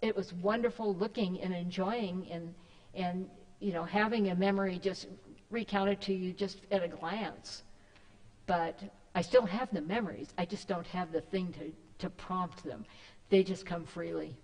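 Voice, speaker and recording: A woman's voice: fairly low pitch, fairly even intonation, moderate pace, a little mellow, long reverb tail, rough recording. A woman giving a casual, rambling talk to a church group, with many fillers and restarts. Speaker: guest speaker. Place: church hall.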